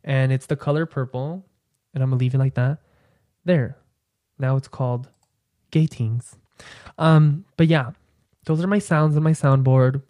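A man's voice: unhurried, pauses often, no echo, clean studio sound. A young man hosting his own podcast, chatting casually and playfully to listeners with campy asides. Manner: drops into a low, quiet "sweetie" aside. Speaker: podcast host. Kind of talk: casual solo podcast chat.

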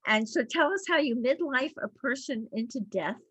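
A woman's voice: high-pitched, lively intonation, moderate pace, fairly bright tone, husky, dry recording. A woman hosting a podcast, asking questions in an enthusiastic, affirming way. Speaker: podcast host. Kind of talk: casual interview chat.

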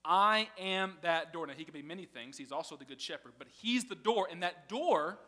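A man's voice: sits high, animated, moderate pace, bright, forceful tone, long reverb tail. A man preaching a sermon in a casual, conversational way, often laughing as he teaches. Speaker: pastor.

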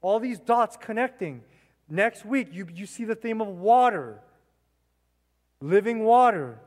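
A man's voice: high voice, animated, a little slow, darkish tone, in a large hall. A male pastor preaching a sermon, emphatic and repeating phrases, with rhetorical questions to the congregation. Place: church sanctuary. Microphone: mic.

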